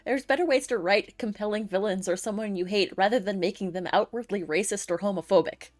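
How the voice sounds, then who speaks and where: A woman co-hosting a casual chat, speaking in a measured, firm way. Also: mid-range voice. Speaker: co-host.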